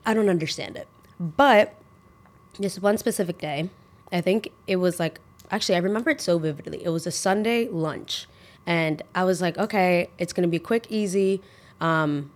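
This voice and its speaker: Young female podcast host, casual and sarcastic, slightly low-pitched, tangent-prone storyteller. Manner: chatty, ranting, sarcastic asides.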